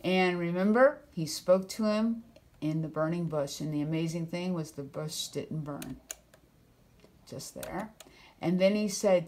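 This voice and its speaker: Woman pastor teaching kids, lowish voice. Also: darkish tone. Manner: friendly, explains slowly to kids. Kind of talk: children's church lesson.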